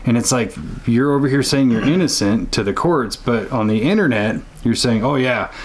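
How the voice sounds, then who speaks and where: A man's voice: mid-range voice, moderate pace. A man hosting a casual podcast, blunt and profane, mocking as he talks. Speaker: podcast host.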